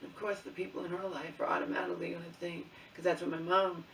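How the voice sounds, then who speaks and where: A woman's voice: lowish voice, flat delivery, fast talker, fairly bright tone, slight background noise. A middle-aged woman vlogger telling an angry personal story with lots of swearing, often asking "okay?" and "you know?". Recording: distant mic in an echoey room.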